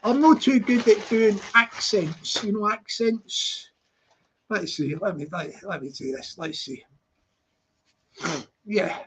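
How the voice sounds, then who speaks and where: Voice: mid-range voice, expressive, takes it slowly, pauses often, a bit bright, slightly rough. Rambling livestream commentator. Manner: repetitive, lots of "you know what I mean". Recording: lo-fi livestream audio.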